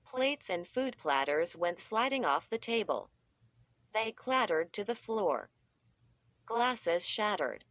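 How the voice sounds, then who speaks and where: A woman reading a children's story aloud in a deliberate way, stretching out the sound effects, with dull, slightly muffled audio. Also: mid-range voice, big pitch swings, no echo. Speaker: audiobook reader. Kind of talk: scripted storybook narration.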